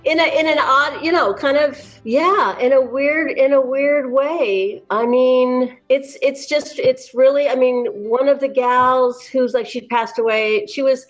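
A woman actor as a guest in a casual interview, talking in a chatty, lively way with many restarts and laughs. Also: high voice, measured pace, few pauses, highs cut off, soft background music.

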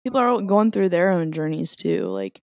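A woman's voice: fairly low pitch, big pitch swings, moderate pace, a little mellow, no echo. A woman co-hosting a podcast, talking emotionally in a rambling, casual chat. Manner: emotional, rambling, swears and laughs. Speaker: podcast co-host.

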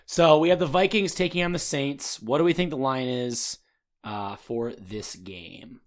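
A man's voice: medium pitch, measured pace. Rambling man hosting a sports chat. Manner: rambling, repeats words, laughs often. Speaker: podcast host.

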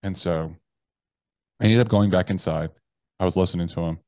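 A man, a podcast guest, telling a personal story bluntly and profanely, with halting restarts. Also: deep voice, darkish tone, no room sound. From United States. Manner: blunt and profane, with slangy address.

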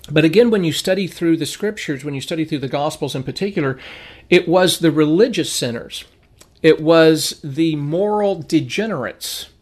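A man's voice: a little high, normal speed. A middle-aged man teaching an informal Bible lesson, telling stories in a conversational way and acting out the people he quotes.

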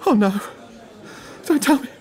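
A man's voice: unhurried, darkish tone, close to an everyday voice. A man playing an exasperated man reacting with incredulous outbursts in a comedy sketch. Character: exasperated man caught in a silly name craze.

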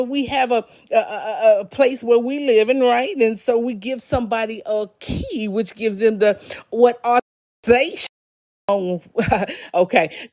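A woman preaches a sermon on a podcast with exuberance, laughing often, calling out to her listeners and at times speaking in tongues. Her voice is on the high side with a darkish tone.

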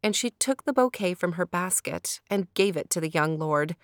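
A woman reading a storybook aloud in a gentle, unhurried, lilting way. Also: fairly low pitch, expressive, dry recording, clean studio sound.

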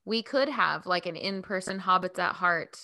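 Bubbly woman podcast co-host. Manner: bubbly, laughs often, quick pitch jumps when excited. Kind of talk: casual chat. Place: home, remote call.

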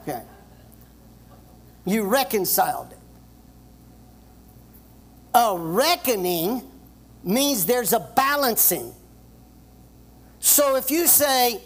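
Slow, high-pitched preaching man. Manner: emphatic, has the congregation repeat phrases aloud; reads scripture aloud and explains it. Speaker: pastor. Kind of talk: sermon.

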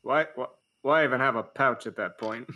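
A man's voice: mid-range voice, moderate pace, sharp tone. A man playing a tabletop game, making wry jokes about his character. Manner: wry, joking. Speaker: player. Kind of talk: casual tabletop play.

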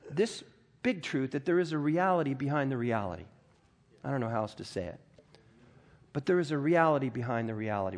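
A middle-aged man preaching a sermon as pastor, earnest and emphatic, often restarting and stumbling over words. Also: fairly high pitch.

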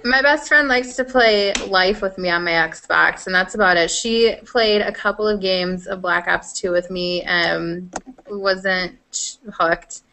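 A young woman co-hosting a casual gaming podcast, chatty and quick to laugh. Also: mid-range voice, creaky, pushed and bright. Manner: chatty, laughs often, lots of "like". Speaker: podcast co-host. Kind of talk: casual chat.

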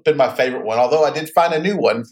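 A man's voice: medium pitch, very fast. Dry-humored male podcast co-host. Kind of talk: casual chat.

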